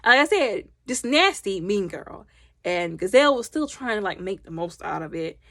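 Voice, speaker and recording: A woman recapping a movie in a loud, chatty, slangy way. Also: mid-range voice, sing-song, moderate pace, no room sound, clean studio sound. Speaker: movie reviewer.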